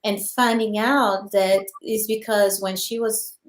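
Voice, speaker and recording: A woman's voice: medium pitch, fairly even intonation. Woman host, casual chat, hesitant storyteller, echoey room. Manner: supportive listener, many small affirmations, halting when telling stories. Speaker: podcast host.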